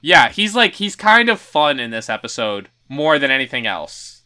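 A woman's voice: a bass voice, sing-song, normal speed, pushed and bright. A woman co-hosting a podcast, reacting expressively and laughing often while chatting about a TV episode. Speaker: podcast co-host. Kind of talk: casual TV recap chat.

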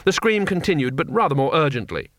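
A man narrating an audiobook with expressive storytelling. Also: on the high side, fast, no echo, studio quality. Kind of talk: scripted narration.

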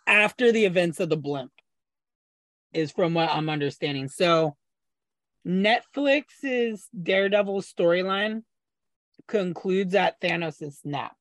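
A man's voice: high-pitched, animated, slow, fairly bright tone, no room sound. A man co-hosting a podcast, explaining eagerly at length in casual chat and sometimes stumbling over his words. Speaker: podcast co-host.

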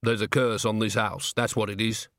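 A worried, hesitant tavern keeper, voiced by a male reader, halting and low-pitched. He stumbles over his words with ums. The recording is close and dry. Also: little pitch movement, fairly bright tone, no room sound.

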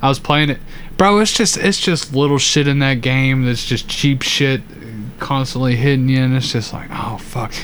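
A man's voice: mid-range voice, normal speed, a bit bright, slight background noise. Laid-back, laughing man on a podcast. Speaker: podcast co-host. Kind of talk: casual chat.

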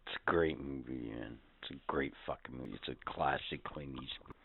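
A man's voice: extremely low pitch, fairly quick, vocal fry, slightly rough, no room sound. A man co-hosting a podcast in casual chat, profane and grumbling. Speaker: podcast co-host. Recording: dry tinny phone-like sound.

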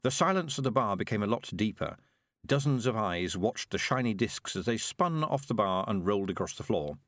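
Male audiobook narrator, wide-ranging, lively delivery, dead-dry close mic. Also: lowish voice, moderate pace, dry recording. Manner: dry, expressive storytelling.

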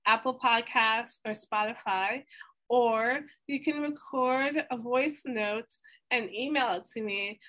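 A woman's voice: a little high, bright, forceful tone, rough recording. A woman hosting a podcast, talking in an earnest, openly emotional way. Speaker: podcast host. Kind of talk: podcast interview and outro.

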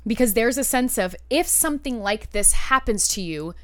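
A woman hosting a podcast, telling a personal story in a candid, animated way and swearing freely. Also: fairly high pitch, normal speed, no room sound. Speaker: podcast host. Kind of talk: casual storytelling monologue.

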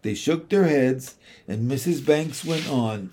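A man narrating a children's classic as an audiobook, measured and expressive. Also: medium pitch, slight background noise.

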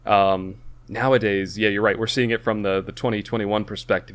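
A man chatting casually about a movie he watched with friends, retelling scenes with animated acted-out lines. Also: fairly low pitch, normal speed. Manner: animated retelling, acts out characters. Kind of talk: casual movie review chat.

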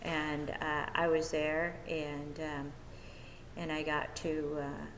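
A woman giving a personal testimony from a podium at a recovery meeting, talking haltingly with many fillers and restarts. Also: low voice, completely flat delivery, slight background noise. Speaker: speaker sharing at a recovery meeting. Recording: echoey hall with long reverb.

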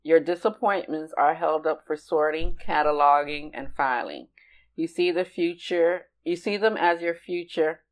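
Low-voiced older woman reading deliberately. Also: rough recording. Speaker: podcast co-host. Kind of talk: reading a personal letter aloud.

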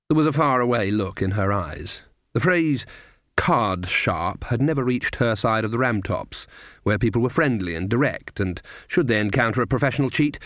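A man narrates a comic fantasy novel in a measured, wry voice of middle pitch. The recording is dry and close, with no room sound. He reads at an even, steady pace. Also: dry recording. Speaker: audiobook narrator. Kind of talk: scripted narration.

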